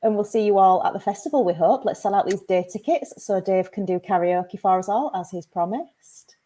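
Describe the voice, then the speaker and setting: A woman's voice: medium pitch, fairly quick, mellow. A woman from England co-hosting a casual video call, giggly and teasing. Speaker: festival team member co-host.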